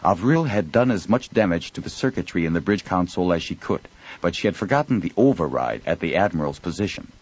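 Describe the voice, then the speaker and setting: A man narrating an audiobook in an expressive storytelling reading. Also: deep voice, fast, husky, lo-fi sound. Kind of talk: scripted narration.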